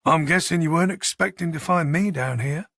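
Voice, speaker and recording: A man reading the part of a soft-spoken, menacing middle-aged killer who talks in a slow, mocking way. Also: on the high side, dry recording, studio quality. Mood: taunting.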